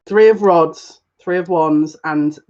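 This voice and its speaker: A woman's voice: fairly low pitch, slow pace, darkish tone. A woman giving a casual live tarot reading as a psychic, chatty and rambling with frequent giggles. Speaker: psychic reader. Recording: dull lo-fi sound.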